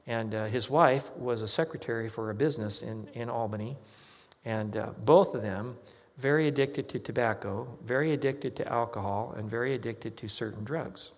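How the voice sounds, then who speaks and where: Male pastor, sermon, conversational storytelling, voices the people in his story, mid-pitched voice, long hall reverb. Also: moderate pace. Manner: conversational, anecdotal, acts out quoted dialogue.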